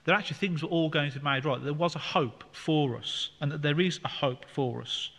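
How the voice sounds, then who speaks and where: A man's voice: a little high, brisk, a bit bright. A man leading a Bible study, explaining scripture in a conversational way with fillers. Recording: long hall reverb.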